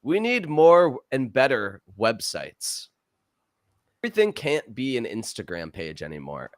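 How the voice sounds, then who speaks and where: A young man co-hosting a podcast, chatting casually in an energetic, playful way. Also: medium pitch, a little slow. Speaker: podcast co-host.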